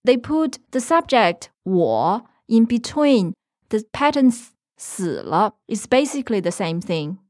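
A woman's voice: a little high, sing-song, takes it slowly, darkish tone. A woman teaching on a language lesson podcast, patiently explaining and giving example sentences, recorded in a studio. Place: studio in Beijing.

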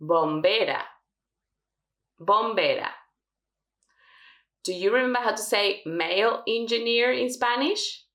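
Female teacher running a lesson drill; animated intonation, roomy sound. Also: a little high. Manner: slow, careful modelling of words. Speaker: Spanish teacher.

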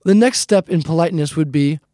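A man's voice: a little high, a little fast, mellow, no room sound, studio quality. A man teaching a casual language lesson, friendly and repetitive, often calling the listeners "guys". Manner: friendly, repeats points, calls listeners "guys".

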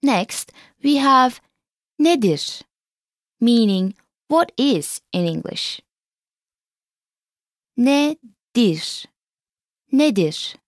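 A woman hosting a scripted language lesson, saying each phrase slowly and clearly and repeating it. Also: fairly high pitch, big pitch swings, dry recording, studio quality. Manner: slow, clearly enunciated repetition of phrases.

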